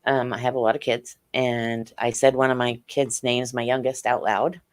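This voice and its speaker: A middle-aged woman, a podcast guest, telling a personal story slowly and haltingly, with many fillers and restarts. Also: a bass voice, level tone.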